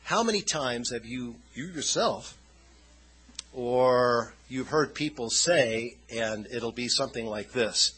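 Male preacher, husky tone with a bright, forceful edge; chatty, rambling sermon delivery. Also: mid-range voice, expressive, slow, rough recording. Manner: conversational, loose and rambling. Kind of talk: informal sermon.

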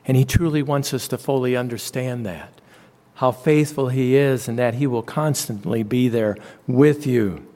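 A man preaching a sermon, slow and deliberate, leaning on repeated phrases for emphasis. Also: mid-range voice, mellow. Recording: long reverb.

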